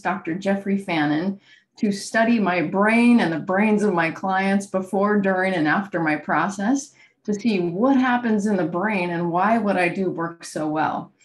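Confident woman giving a keynote talk. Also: medium pitch. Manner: confident, enthusiastic. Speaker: keynote speaker. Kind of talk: presentation over video call.

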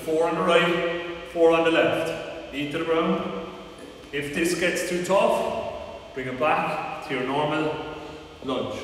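A man coaching a live workout, with energetic, repeated encouragement and countdowns. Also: on the high side, slow pace, pauses often. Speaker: fitness coach. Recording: echoey hall from far off, faint noise.

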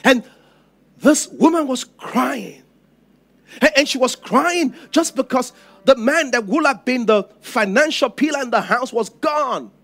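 A man preaching a sermon as pastor, emphatic and repetitive, dropping to a hush and then rising loud. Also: extremely high pitch, unhurried.

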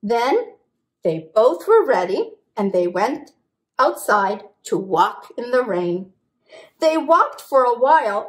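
A woman leading a children's storytime as librarian, reading a picture book and rhymes in an animated, sing-song manner with animal sounds and questions to the kids. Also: on the high side, takes it slowly.

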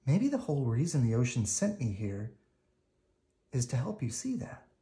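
A man voicing a determined teenage island girl in a storybook read-aloud, lifting his voice higher and lighter. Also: huge pitch swings, moderate pace, mellow. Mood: earnest.

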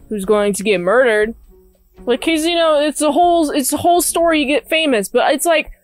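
A woman reviewing a movie in a casual, rambling way, with sarcastic asides and mocking quotes. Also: high-pitched. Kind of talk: casual spoken movie recap.

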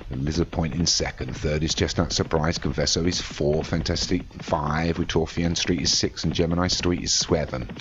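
A man's voice: extremely low pitch, moderate pace, few pauses. A man commentates a horse race from a racing game, tracking each runner as the field strings out. The recording is a little muffled and lo-fi, with faint noise underneath. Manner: rises sharply to excited shouting at the finish. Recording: slightly dull lo-fi audio with faint noise.

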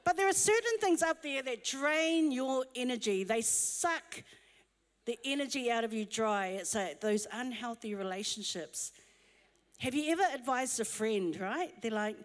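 Female pastor, high-pitched, humorous conversational sermon, long church reverb. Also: expressive, unhurried. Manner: humorous, chatty storytelling. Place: church auditorium.

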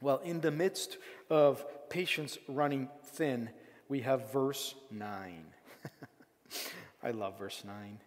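A male pastor preaching a conversational, animated sermon, often acting out the voices of grumbling people. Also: medium pitch, very slow. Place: church sanctuary. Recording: long hall reverb.

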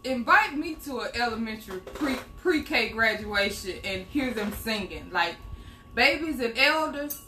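A woman's voice: fairly high pitch, animated, a little slow, pushed and bright. A middle-aged woman co-hosting a live home cooking stream, chatting and teasing as she reads out viewer comments. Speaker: co-host of a live cooking show. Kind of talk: casual live-stream chat. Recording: echoey room with background noise.

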